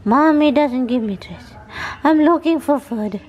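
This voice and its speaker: A woman's voice: sits high, measured pace, dull audio, pitched above the performer's own voice. A woman with a Filipino accent voicing a hungry pet dog that whines and pleads with its owner for food. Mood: begging. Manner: whiny, pleading. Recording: home video with background noise.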